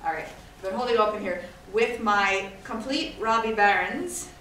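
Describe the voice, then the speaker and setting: A woman's voice: mid-range voice, normal speed, fairly bright tone. A woman from Scotland giving an informal, digressive talk to an audience, chatty and self-deprecating. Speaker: guest speaker. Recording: echoey hall from far off, faint noise.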